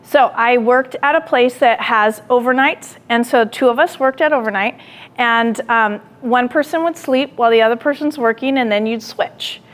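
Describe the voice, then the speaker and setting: A woman gives a lecture with a voice a little higher than most. She tells a personal story with animation, acting out what she said herself. She turns to the listeners with direct questions. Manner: animated storytelling, acting out her own quoted lines; asks the audience direct questions.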